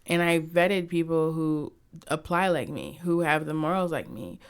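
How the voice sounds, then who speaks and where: A young woman from the United States speaks as a guest in a relaxed interview, her voice clear and smooth and sitting a little low. She tells stories with energy and quick asides, and often slips into quoting what other people said. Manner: chatty, animated storytelling with acted quotes. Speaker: guest, cosmetics company founder. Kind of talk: casual interview chat.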